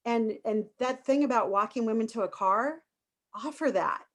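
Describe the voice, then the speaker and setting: A woman's voice: on the high side, moderate pace. A woman hosting a panel discussion over a video call, speaking emphatically and encouragingly. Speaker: host.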